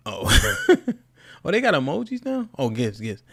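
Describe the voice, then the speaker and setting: A man hosting a live-stream talk show, chatting casually with loud, profane energy and reading out viewer donations. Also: fairly high pitch, measured pace, creaky, slightly rough, soft background music. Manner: animated, profane, reads out super chats. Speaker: podcast host.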